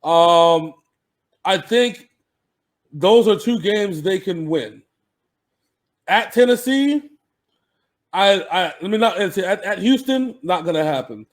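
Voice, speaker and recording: A man with a notably high voice co-hosts a sports talk show in a loose, casual way. He talks animatedly and swears freely while breaking down games. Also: lively intonation, slow pace, pauses often. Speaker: sports podcast co-host.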